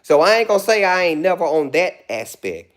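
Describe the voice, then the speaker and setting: A man hosting a live stream, ranting loudly with insults and rambling asides. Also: high-pitched, big pitch swings, fairly quick. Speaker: livestream host. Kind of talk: profane rant on a live stream.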